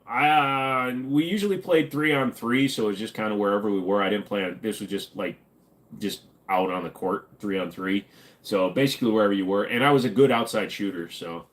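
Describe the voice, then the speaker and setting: A man's voice: on the low side, a bit bright. A retired man from the United States, hosting a casual livestream, joking while reading chat aloud. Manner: joking, reading chat, slipping into silly voices. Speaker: livestream host.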